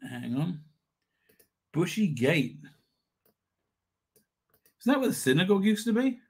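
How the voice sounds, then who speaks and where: A man's voice: high voice, big pitch swings, a little slow, vocal fry, slightly rough. A middle-aged man hosting a live stream, rambling casually, swearing and chuckling as he reads comments. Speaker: livestream host.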